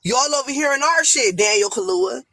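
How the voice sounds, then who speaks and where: A woman's voice: high-pitched, expressive, moderate pace, sharp tone, no echo. A woman with an African American accent giving a blunt, profane, rambling rant as a guest on a live stream panel. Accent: African American English.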